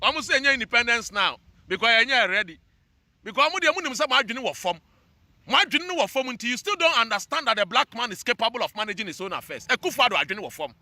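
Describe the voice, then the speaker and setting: A Ghanaian man rants in a fiery, scolding monologue and hammers his points with repetition. His voice sits high and sounds sharp and tense. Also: lively intonation, quick pace, no room sound. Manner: fiery, scolding, repeats phrases. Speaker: social commentator. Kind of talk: heated monologue rant.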